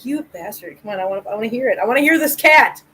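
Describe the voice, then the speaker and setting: High voiced lady on a live cat chat, jokey and dramatic. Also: lively intonation, racing, a bit bright, husky, low-quality recording. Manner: playful, mock-offended, dramatic. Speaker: livestream host.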